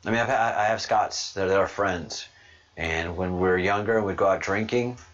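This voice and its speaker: A man from Ireland hosting a podcast, talking casually in an animated, rambling way and laughing often. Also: sits low, normal speed. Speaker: podcast host. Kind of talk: casual monologue. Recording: dull lo-fi recording.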